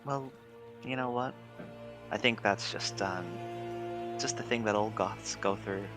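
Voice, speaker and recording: A man's voice: fairly low pitch, a little slow, fairly bright tone, faint music behind. A man playing in a tabletop game, chatting in character in a playful way. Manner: playful, laughing. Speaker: player. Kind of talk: in-character casual chat.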